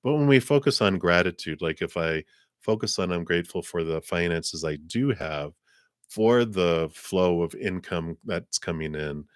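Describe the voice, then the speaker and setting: Deep-voiced man giving tarot readings. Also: moderate pace, no room sound, studio quality. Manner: relaxed, rambling, with fillers and spiritual talk. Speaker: tarot card reader, channel host. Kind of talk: live-stream card reading.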